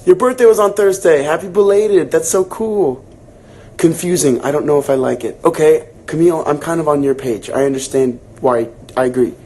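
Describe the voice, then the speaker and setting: A man's voice: fairly high pitch, normal speed. A young man hosting a casual livestream book club, chatting loosely with lots of fillers and reading out viewer comments. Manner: chatty, relaxed, filler-heavy, reacting to comments.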